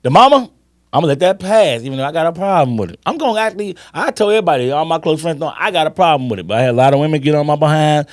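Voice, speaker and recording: Animated man in his fifties. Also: a little high, dry recording. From Chicago. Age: 50s. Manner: emphatic, swearing, drawn-out storytelling. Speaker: podcast co-host. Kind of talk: casual sports chat.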